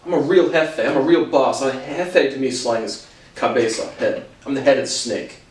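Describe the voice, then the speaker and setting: A man's voice: mid-range voice, normal speed, echoey room, recorded from a distance, low-quality recording. A man thinking aloud as he talks through dictionary entries in a casual language lesson.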